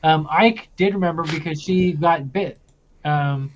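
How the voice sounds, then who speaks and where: A young man recapping a tabletop campaign as game master, loose and rambling with many pauses. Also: on the high side, muffled recording, slight background noise.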